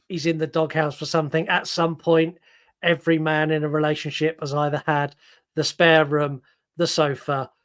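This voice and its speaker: A man co-hosting a casual film podcast. He is animated and self-mocking, and he often stumbles and repeats words as he starts a sentence. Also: fairly high pitch. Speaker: podcast co-host. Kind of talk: casual film review chat.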